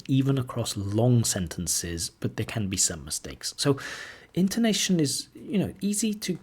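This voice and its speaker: A man teaching an exam speaking lesson in a relaxed, self-deprecating way, modelling example sentences. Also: mid-range voice, slightly rough. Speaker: IELTS examiner and teacher. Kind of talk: casual video lesson.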